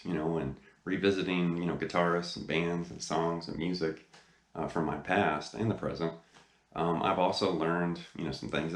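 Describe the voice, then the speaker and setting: A man with an extremely low voice talks casually into a camera from his chair, hosting a guitar lesson. He rambles with excitement, full of "you know" and "uh". The room gives his voice a noticeable echo. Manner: enthusiastic, rambling with many fillers. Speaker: guitar teacher, channel host. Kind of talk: casual video lesson talk. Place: indoor room, seated facing camera.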